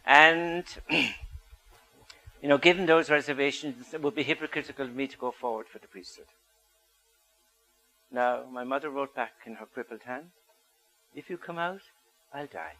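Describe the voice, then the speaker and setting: An older man tells personal stories to an audience in a public talk. His voice has a bright, forceful edge, and he keeps turning questions back to his listeners. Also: medium pitch, steady tone, a little slow, pauses often, low-quality recording. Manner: storytelling, asks the audience questions. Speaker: speaker.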